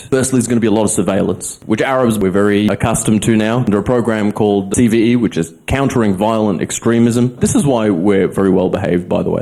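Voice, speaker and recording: Deadpan Australian male stand-up comic. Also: lowish voice. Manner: deadpan, wry delivery with acted-out quotes. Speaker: stand-up comedian. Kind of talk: stand-up comedy set. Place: comedy stage before a live audience.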